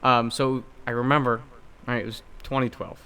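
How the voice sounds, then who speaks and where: A young man co-hosting a podcast, telling a story in casual chat, animated and swearing, acting out quotes loudly. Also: medium pitch, moderate pace, clean tone. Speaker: podcast co-host.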